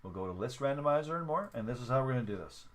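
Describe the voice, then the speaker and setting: A man's voice: medium pitch, animated, rapid-fire. A man hosting a sports card break livestream, talking casually, counting steps aloud and apologizing for slip-ups. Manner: chatty, apologetic self-corrections, counts aloud.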